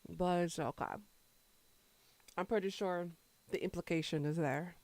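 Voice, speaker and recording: A woman's voice: lowish voice, steady tone, a little slow, a little mellow, no echo. A woman streamer chatting casually with her viewers, rambling between topics and answering chat while she eats.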